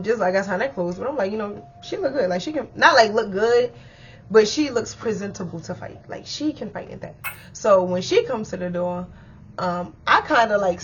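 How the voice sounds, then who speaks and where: A young woman telling a personal story in a chatty, animated way, full of slang and speaking straight to her viewers. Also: mid-range voice, husky, lo-fi sound. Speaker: storyteller vlogger. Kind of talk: casual storytime.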